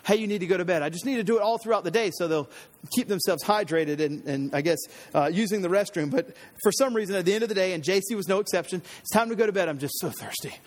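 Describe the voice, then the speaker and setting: A man in his thirties preaching a sermon, telling a family story in an animated way and acting out the voices. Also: high-pitched, quick pace. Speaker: pastor. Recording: long hall reverb.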